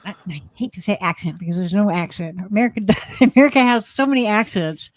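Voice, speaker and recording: A woman's voice: medium pitch, animated, fast, dry recording. A woman from Alabama with an Alabama accent, chatting casually on a livestream, rambling, laughing often and swearing now and then. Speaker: livestream co-host. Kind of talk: casual chat.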